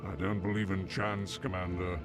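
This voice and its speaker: An actor voicing a calm, wise alien male Jedi general in an animated series clip, deep and measured. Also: lightly acted. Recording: show clip with music underneath.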